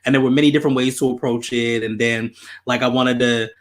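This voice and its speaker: A man tells a story on a podcast, talking in a loose, animated way. He swears freely and repeats himself as the story builds. His voice sits at an average pitch. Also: fast. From Baltimore, USA. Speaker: podcast host. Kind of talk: casual storytelling.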